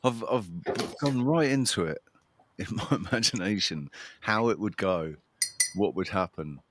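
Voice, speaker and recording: A man's voice: lowish voice, measured pace, background noise. A man hosting a livestream in casual chat, rambling and restarting his sentences, with a chuckling laugh. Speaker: livestream host.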